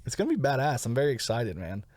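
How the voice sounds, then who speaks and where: A man's voice: medium pitch, sing-song, fast, darkish tone, no room sound, studio quality. A man co-hosting a comedy podcast in casual, rambling chat, swearing freely and laughing often. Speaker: podcast co-host.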